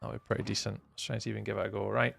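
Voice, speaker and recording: A man's voice: lowish voice, little pitch movement, rapid-fire, gravelly, fairly bright tone, soft background music. A man streaming a game, chatting casually with his viewers while he plays. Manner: chatty, talks to chat while playing. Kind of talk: casual live-stream chat.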